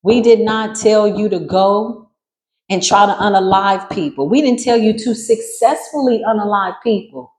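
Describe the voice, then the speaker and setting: A woman gives a spiritual reading in a loose, casual monologue. She sounds brash and sassy, swearing freely and breaking into sudden high squeals. Her mid-pitched voice rings in a roomy, echoing space. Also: moderate pace, darkish tone. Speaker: spiritual reader.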